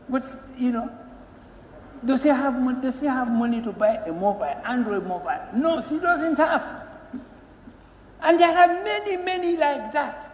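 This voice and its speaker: A man's voice: very high voice, animated, moderate pace. A man, a member of parliament giving an earnest floor speech to the Speaker, pleading emphatically and repeating his words. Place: parliamentary chamber. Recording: echoey chamber with long reverb and faint hum.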